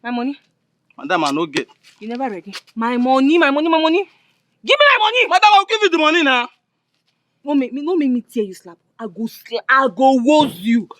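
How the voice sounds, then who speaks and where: An actor playing a broke young debtor who pleads and shouts in Nigerian Pidgin. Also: male voice, very animated, brisk, exaggerated voice. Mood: pleading. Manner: pleading and shouting in a strained high voice. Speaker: debtor begging a shop owner. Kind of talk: film drama acting.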